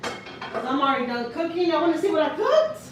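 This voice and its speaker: A woman's voice: high-pitched, fairly quick. Texan woman, family vlogger, chatty live-stream talk at home on a phone mic, faint background noise. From Houston, Texas. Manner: chatty, animated, repeats herself. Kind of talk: casual live-stream chat. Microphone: handheld phone.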